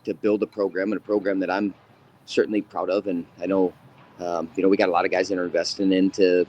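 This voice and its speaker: A man's voice: deep voice, level tone, fast talker, darkish tone, dull audio, slight background noise. A man who coaches college wrestling, answering interview questions in a laid-back, joking way. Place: room at a wrestling facility.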